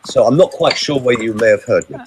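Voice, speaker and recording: A man's voice: medium pitch, expressive, fast, noisy background. An older man, a vocal coach and voiceover actor from the United Kingdom, chatting casually and theatrically through anecdotes. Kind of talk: casual chat.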